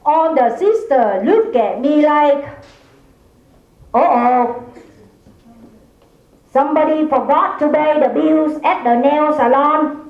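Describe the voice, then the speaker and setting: A woman from Vietnam with a Vietnamese accent, doing stand-up and landing punchlines slowly and deliberately. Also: high voice. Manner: slow, deliberate delivery of punchlines. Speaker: stand-up comedian. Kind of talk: stand-up comedy. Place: comedy club stage. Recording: echoey lo-fi club recording.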